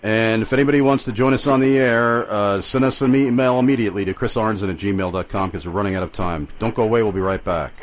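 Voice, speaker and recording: A man with a fairly low voice hosts a live radio talk show. He speaks briskly and reads listener emails aloud between breaks.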